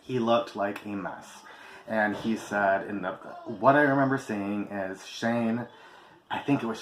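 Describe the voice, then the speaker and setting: A man's voice: on the low side, a little slow. A man telling a personal story to camera in a vlog, candid and emphatic, swearing freely. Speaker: vlogger. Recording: echoey room with faint ambience.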